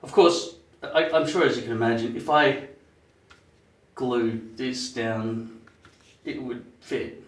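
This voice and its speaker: A middle-pitched man in his fifties chats to camera in a loose, wandering way, cursing casually as he thinks aloud. The room around him is echoey. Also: slow, long pauses. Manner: rambling, swears casually, muses aloud. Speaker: vlogger. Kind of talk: casual rambling chat to camera.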